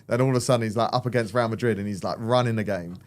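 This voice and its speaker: A man's voice: fairly low pitch, very fast. A man chatting casually as a guest about football, telling stories in easy banter. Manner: storytelling, easygoing banter. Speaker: guest panelist.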